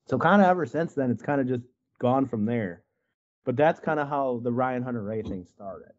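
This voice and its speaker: Over a video call with a muffled recording, a Wisconsin man with a medium-pitched voice talks briskly as a guest artist. He tells stories casually in an interview, rambling and scattering "like" and "you know" throughout.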